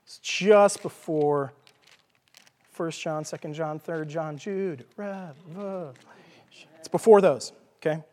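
High-voiced Texan preacher in a reverberant hall. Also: male voice, slow pace, long pauses, darkish tone. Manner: informal, jokey, checks in with "okay?". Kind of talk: conversational sermon teaching. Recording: long reverb of a large hall.

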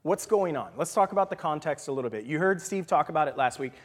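Animated man teaching in a reverberant hall. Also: fairly high pitch, fast. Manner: animated, leans on "right?" and "okay?"; drops to a whisper for emphasis. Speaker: Bible study teacher. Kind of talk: conversational sermon teaching.

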